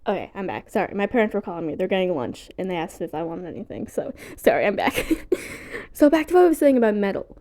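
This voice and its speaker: A woman vlogging at home in a rambling, casual way, excitable and easily sidetracked, and she swears casually. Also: mid-range voice, fast talker.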